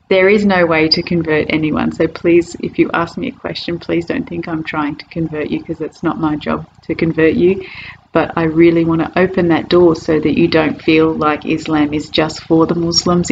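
A woman's voice: low-pitched, gravelly. A woman telling her personal story in a casual, hesitant way, with frequent ums and restarts and easy laughter. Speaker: convert sharing her story. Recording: dull lo-fi recording, faint noise.

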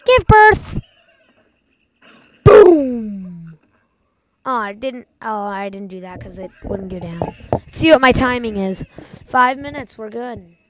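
A young woman hosting a gaming channel, giving casual let's-play commentary and yelping and shouting catchphrases as she plays. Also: mid-range voice, normal speed, background noise. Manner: excitable, yelps and shouts catchphrases.

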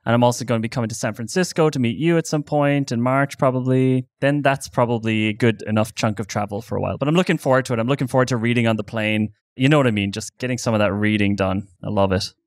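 A man's voice: mid-range voice, fast talker, few pauses, no echo. Upbeat Irish man, dry close sound. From Ireland. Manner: upbeat, joking. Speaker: podcast co-host. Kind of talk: casual podcast chat.

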